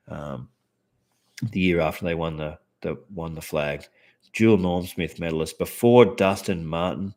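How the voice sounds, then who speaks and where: Aussie guy with a real low voice, rambling and swearing casually about his card collection. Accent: Australian. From Australia. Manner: laid-back, swears freely, rambling. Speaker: card collector and channel host. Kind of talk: casual chat to camera.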